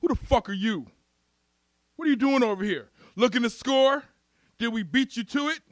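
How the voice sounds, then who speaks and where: A man's voice: very high voice, lively intonation, normal speed, no echo, voice pushed up. A man voicing a menacing, sneering male police officer who barks and taunts. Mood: taunting. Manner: barking, taunting.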